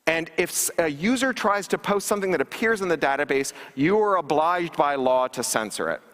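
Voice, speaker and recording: Brief: male keynote speaker, higher voice, wry and emphatic, booming hall reverb. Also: lively intonation, brisk, a bit bright. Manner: wry, emphatic, sarcastic asides. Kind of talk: public lecture. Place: large conference hall stage. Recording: reverberant hall livestream capture.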